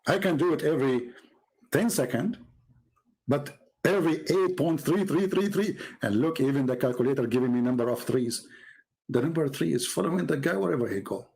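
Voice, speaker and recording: A man giving mocking, sarcastic commentary as he reads from a website on screen. He swings from low mutters to sudden high exclamations. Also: lively intonation, brisk, creaky, darkish tone, low-quality recording. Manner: mocking and sarcastic, with exaggerated mock praise. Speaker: religious debater and commentator.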